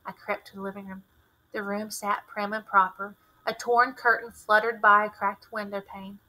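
A woman teacher reading a novel aloud with expressive, fluent narration. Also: medium pitch, moderate pace, low-quality recording.

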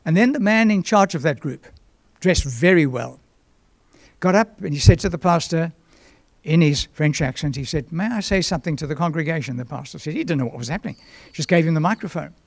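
Older male pastor, slightly high voice, storytelling sermon, frequent throat clearing. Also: lively intonation, brisk, no room sound. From South Africa.

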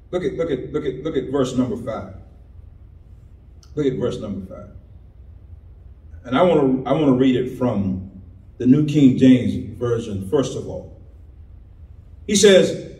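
A man preaching a sermon at an evening Bible study in a church, swinging from shouted lines to quiet asides. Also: high-pitched. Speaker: pastor. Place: church sanctuary. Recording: roomy church audio from a distant mic.

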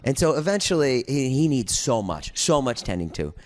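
A man's voice: medium pitch, normal speed. A man co-hosting a podcast, telling a story in casual chat and acting out the other people's lines as he goes. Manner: animated storyteller, acts out quotes. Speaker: podcast co-host.

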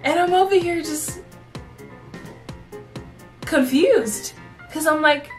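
A woman's voice: sits high, takes it slowly, recorded from a distance, faint music behind. A woman vlogger animatedly telling a sassy story about her job as a cashier. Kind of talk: storytime vlog.

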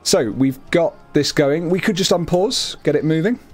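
A man's voice: on the high side, animated, moderate pace, soft background music. A young man casually chatting through a co-op strategy game, chatty and self-amused. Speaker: game commentator. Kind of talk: casual co-op gameplay chat.

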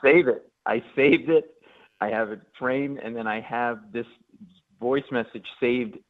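A man's voice: medium pitch, measured pace. A male comedian telling a story animatedly in a radio interview, acting out quotes and stammers. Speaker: guest comedian. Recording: tinny phone-line audio.

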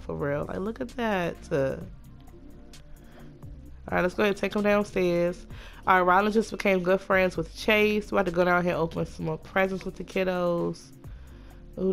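A woman chatting casually through a life-sim game, gushing over her characters and voicing them in quick asides. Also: on the low side, creaky. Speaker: Sims let's play narrator. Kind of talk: casual gameplay commentary.

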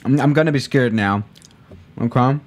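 Brisk and mid-range, a man talks casually to his live stream audience during a flight simulator session. Laid-back and rambling, he keeps catching and correcting himself.

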